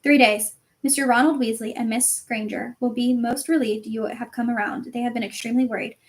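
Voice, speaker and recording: A kindly old male headmaster who speaks calmly and with gentle, dry humour, as a woman reads him. The voice sits a little high, close to the reader's own, in this storybook reading. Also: a little fast, close to an everyday voice.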